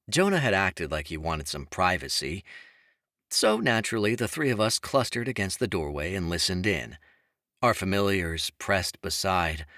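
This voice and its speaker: A man narrating a fantasy audiobook in the first person, wry and expressive, on a close studio mic. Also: low voice, no room sound.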